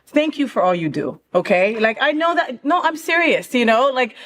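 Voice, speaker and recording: A woman's voice: a little high, expressive, normal speed. A woman hosting an interview, chatty and gushing, swearing casually as she talks. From Puerto Rican and Colombian heritage. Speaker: host.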